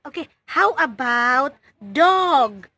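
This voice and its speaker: A young woman with a Filipino accent speaks in a high, bright voice, slow and patient, repeating simple prompts as she teaches a small child at home. Her delivery is unhurried and clear. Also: lively intonation. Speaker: early childhood educator. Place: home, just woken up.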